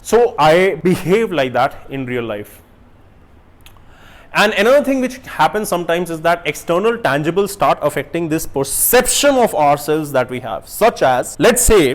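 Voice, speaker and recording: A young man delivers a casual motivational talk straight to his viewers. His slightly raised voice pushes out rhetorical questions in sudden loud bursts, then sinks into quiet, drawn-out asides. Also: fairly high pitch, big pitch swings. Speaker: self-help YouTuber.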